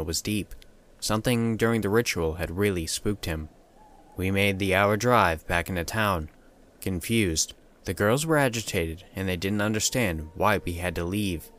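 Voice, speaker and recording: A man narrating a first-person horror story in a steady, measured way. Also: deep voice.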